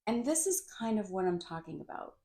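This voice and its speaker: A woman's voice: mid-range voice, very animated, a little fast, warm tone. A woman life coach and actress, a guest on a podcast, talking in an earnest, motivational way. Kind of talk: podcast interview.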